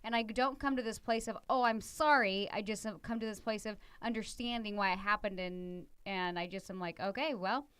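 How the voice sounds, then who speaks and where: A woman's voice: medium pitch, steady tone, a little fast, few pauses, fairly bright tone, clean tone, no room sound. A middle-aged woman co-hosting a podcast, chatting casually with her husband, acting out quoted lines and saying 'like' often. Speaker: podcast co-host.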